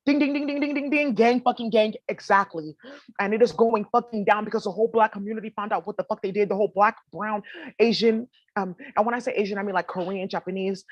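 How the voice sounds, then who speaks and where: A woman's voice: mid-range voice, steady tone, fast, no echo, muffled recording. A woman vlogger talking casually to her viewers, swearing freely and rambling in slangy asides. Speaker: spiritual vlogger.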